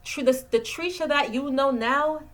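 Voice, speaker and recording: A woman's voice: sits high, normal speed, a bit bright, rough recording. A woman in her forties from Jamaica, a therapist, talking earnestly into the camera and repeating key phrases for emphasis. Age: 40s. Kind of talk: direct-to-camera advice talk. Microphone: camera mic, talking into the camera.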